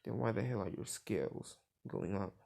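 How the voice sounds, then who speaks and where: A man's voice: on the low side, normal speed, gravelly, darkish tone. Man putting on a stern threatening mother. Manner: interrogating, menacing.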